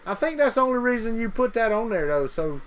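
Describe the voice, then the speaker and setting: A man's voice: very high voice, big pitch swings, fast, fairly bright tone, low-quality recording. A man with a Southern US accent, hosting a casual livestream and chatting folksily with viewers as he reads their comments. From Mississippi. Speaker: livestream host.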